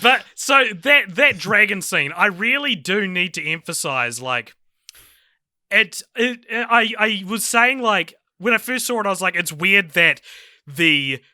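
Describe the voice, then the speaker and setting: A man co-hosting a film podcast, talking in an excitable, incredulous way with stammering restarts. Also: high-pitched, unhurried, dry recording, studio quality. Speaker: podcast co-host. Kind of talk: casual film review chat.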